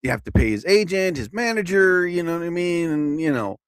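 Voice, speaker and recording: A man runs a live comedy stream in a rambling, animated monologue and chuckles at his own jokes. His voice sits fairly high and swings widely up and down. The sound is dry and close, with no room around it. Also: a little fast, smooth, no room sound.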